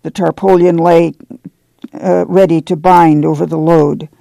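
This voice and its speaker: A man with a gravelly voice reading a novel aloud as an audiobook narrator. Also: fairly high pitch, level tone, unhurried, warm tone, no room sound. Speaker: audiobook reader. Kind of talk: scripted narration with character voices.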